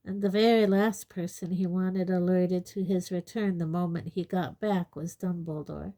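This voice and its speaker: Woman voicing a mild, measured man. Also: fairly low pitch, steady tone, mellow, natural voice. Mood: calm. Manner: measured, reasonable.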